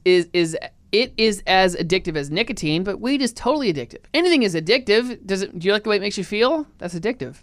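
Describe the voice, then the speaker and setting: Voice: medium pitch, expressive, no room sound. A podcast co-host in casual comedic chat, speaking bluntly and with emphasis. The voice sits mid-range and sounds dry and close. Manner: blunt, emphatic, talks fast when insisting.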